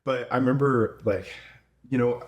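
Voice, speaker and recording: A man's voice: mid-range voice, moderate pace. A man in his thirties, a veterinarian and clinic owner, chatting casually on a podcast and quoting the people in his stories. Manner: chatty, quotes himself and others, lots of "like".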